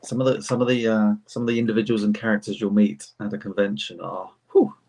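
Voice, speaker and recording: A man's voice: fairly low pitch, little pitch movement, quick pace, creaky, a little mellow. A man co-hosting a casual chat, making dry, sympathetic asides. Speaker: podcast co-host.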